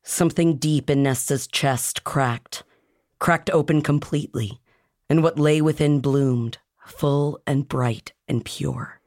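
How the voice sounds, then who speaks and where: A woman's voice: low-pitched, takes it slowly, no room sound, studio quality. A woman co-hosting a book podcast who jokes, swears and acts out the characters' lines in playful voices. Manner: animated, jokey, swears, jumps into playful voices. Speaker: podcast co-host. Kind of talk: casual book discussion.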